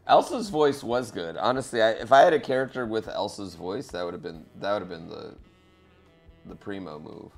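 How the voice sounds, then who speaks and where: Low gravelly guy streaming a racing game, chatty and sweary, bit of music in the back. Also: normal speed. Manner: loose, swearing, talks to chat. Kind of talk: casual live-stream chat while racing.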